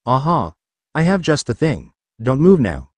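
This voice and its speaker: A man's voice: medium pitch, big pitch swings, measured pace, a little mellow, no echo. A man voicing a flamboyant, chatty male sea serpent who gushes and rambles in a storybook reading. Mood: helpful.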